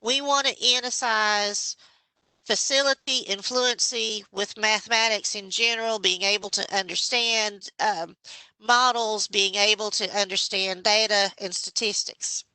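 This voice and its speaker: A woman giving a measured, explanatory presentation to a state education board as a committee member. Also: medium pitch, steady tone, bright, forceful tone, clean tone, no room sound, low-quality recording. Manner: explanatory, measured, with some restarts. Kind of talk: formal presentation.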